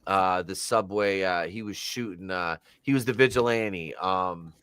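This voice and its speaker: A man in a casual movie chat, enthusiastic and rambling, often pausing on fillers. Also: sits low, a bit bright, smooth, no room sound, clean studio sound.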